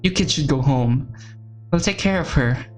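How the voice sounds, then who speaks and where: A woman's voice: deep voice, lively intonation, moderate pace, darkish tone, faint music behind, pitched below the performer's own voice. A woman doing a curt, businesslike male doctor.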